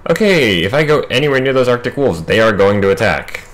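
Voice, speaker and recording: A man's voice: medium pitch, very animated, brisk, fairly bright tone. A man hosting a gaming video, talking through his game in a casual, wry running commentary.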